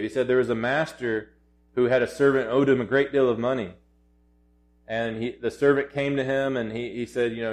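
A man's voice: mid-range voice, a little mellow. Earnest male preacher. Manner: earnest, urgent, many restarts, rising to emphatic peaks. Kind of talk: sermon.

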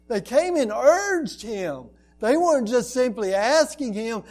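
A male pastor delivers a sermon in a fairly high voice. He speaks slowly and earnestly, pausing between phrases, then rises into emphatic, repeated lines. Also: sing-song, darkish tone. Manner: earnest preaching with rising emphatic repetitions.

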